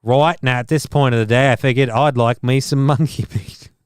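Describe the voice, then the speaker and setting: A man's voice: on the high side, a little slow, a bit bright, smooth, no echo. A man voicing a cocky, boastful male leopard that swears crudely. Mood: sly.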